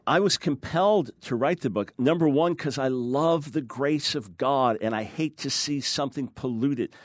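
A man's voice: medium pitch, moderate pace, no room sound, clean studio sound. A man, a guest author, talks emphatically in a theological discussion, acting out quoted people with shifts in his voice.

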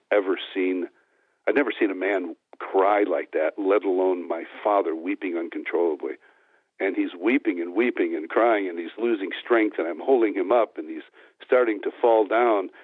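Man, earnest testimony guest, very low voice, thin phone-like sound. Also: no echo. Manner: earnest, storytelling, frequent restarts. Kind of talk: personal testimony interview. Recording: tinny phone-like dry sound.

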